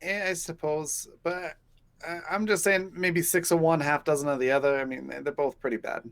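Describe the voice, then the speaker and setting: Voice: mid-range voice, steady tone, moderate pace, dry recording, close to an everyday voice. A player voicing a cautious, dry-witted royal guardsman in a tabletop game, with hesitant restarts.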